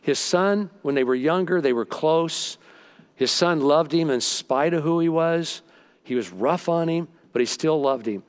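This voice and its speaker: A man's voice: on the high side, a little slow, clear, resonant tone. A middle-aged male pastor preaching a sermon. He tells stories and acts out what people said. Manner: storytelling, acts out quoted dialogue.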